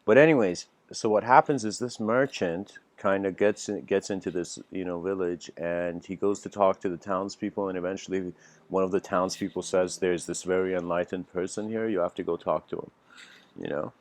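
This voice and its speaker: A man's voice: low voice, fairly even intonation, moderate pace. A man giving a casual livestreamed spiritual lecture, telling a story in a rambling way with many fillers and restarts. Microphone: home livestream mic.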